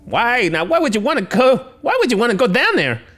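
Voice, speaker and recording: A man voicing a fussy, evasive male science officer with a very high-pitched voice, brushing off every worry. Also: big pitch swings, brisk, a bit bright, heavily acted. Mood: dismissive. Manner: shrill, breezy, brushing off worries.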